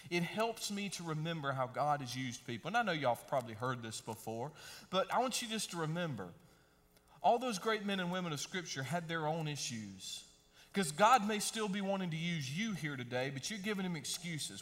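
Emphatic preacher in a reverberant hall. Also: male voice, on the high side, sing-song, moderate pace, fairly bright tone. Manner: folksy, emphatic preaching with dramatic swings. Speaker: pastor. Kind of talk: sermon. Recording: long reverb of a large hall.

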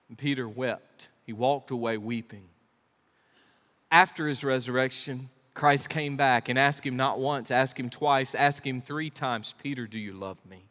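A man preaching a sermon as pastor, emphatic, asking the crowd rhetorical questions and swinging between loud and soft. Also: medium pitch. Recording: long echo of a big hall.

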